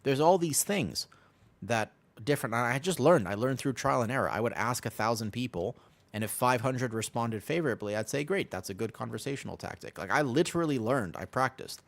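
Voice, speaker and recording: A man's voice: mid-range voice, expressive, fairly quick. A young man streaming a game, telling stories in a rambling, repetitive way while he plays. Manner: rambling, self-interrupting storyteller, repeats himself. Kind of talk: casual gaming stream chat.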